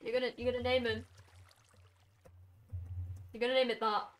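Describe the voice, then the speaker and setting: A young woman streaming from her bedroom, chatting excitedly and gushing to her viewers. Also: fairly high pitch, normal speed, soft background music. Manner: excitable, gushing, talks to chat. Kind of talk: casual live-stream chat.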